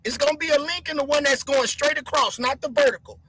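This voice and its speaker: A live stream host giving heated commentary, answering chat and mocking commenters by name while shouting. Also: sits high, fast talker, slight background noise, low-quality recording.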